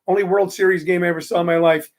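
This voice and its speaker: Guy from st louis hosting a live comedy stream, rambly and chatty, gravelly voice. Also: sits high, fairly even intonation, racing. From St. Louis, Missouri. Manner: rambling, chatty, self-interrupting. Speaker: comedy show host.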